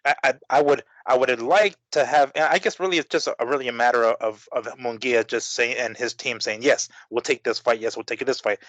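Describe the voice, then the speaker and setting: A man's voice: medium pitch, a bit bright, no echo. A man co-hosting a boxing podcast, chatting casually and rambling with lots of fillers, restarts and the odd swear word. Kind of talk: casual chat. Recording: dry, slightly dull audio.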